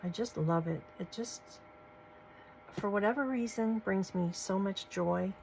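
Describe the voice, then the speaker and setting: A woman, gushing softly as she shows off craft supplies in a casual vlog. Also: mid-range voice, measured pace, creaky, slight background noise, poor audio. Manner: gushing, soft-spoken, folksy. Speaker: crafting channel host. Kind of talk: casual show-and-tell vlog.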